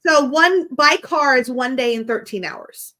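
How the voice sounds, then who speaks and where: A woman's voice: sits high, a little slow, sharp tone. A woman from the United States chatting casually and explaining things patiently, laughing easily. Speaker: guest co-investigator. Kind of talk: casual chat.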